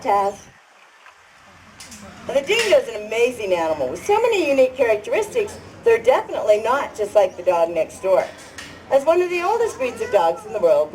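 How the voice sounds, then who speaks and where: Lively woman presenting a fair animal show. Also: a little high, low-quality recording. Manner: lively, chatty, leads crowd cheers. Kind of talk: live show talk to an audience. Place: outdoor fairground stage.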